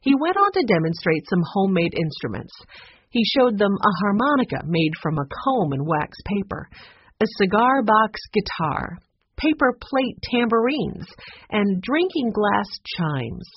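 A woman narrating a children's chapter book with expressive, clear storytelling. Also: lowish voice, normal speed, dry recording. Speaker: audiobook narrator. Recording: dull lo-fi recording.

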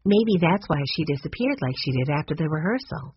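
A woman voicing a shy, gentle young girl in a storybook reading. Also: low voice, very animated, a little fast, husky, no room sound, full character voice. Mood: earnest. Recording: dull lo-fi recording.

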